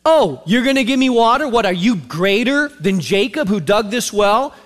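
A man's voice: high voice, very animated, unhurried, fairly bright tone, heavily acted. A man voicing a guarded, sarcastic Samaritan woman with plenty of attitude, in a sermon. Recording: long reverb of a large hall.

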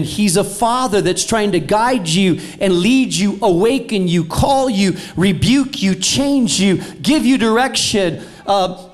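High-voiced pastor preaching dramatically. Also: male voice. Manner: preaching with dramatic swings between loud and soft. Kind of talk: sermon. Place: large auditorium.

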